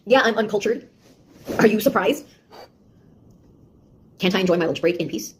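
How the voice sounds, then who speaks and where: A woman's voice: mid-range voice, animated, unhurried, slight background noise, close to an everyday voice. An actress playing a sarcastic young woman, a beta tester who mocks and scolds a nosy AI in a one-sided audio drama. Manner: mocking, taunting, exasperated.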